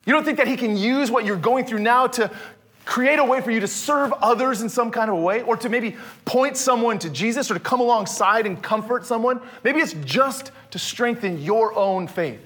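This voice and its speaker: A man preaching a sermon, animated, often dropping to a hushed voice for emphasis. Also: very high-pitched, moderate pace. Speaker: pastor.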